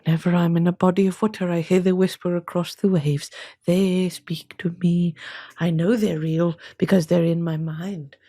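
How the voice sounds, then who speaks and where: A woman voicing a paranoid woman who believes mermaids speak to her, in a whispered role-play with a hushed, conspiratorial manner. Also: on the low side, flat delivery, moderate pace, voice pushed down.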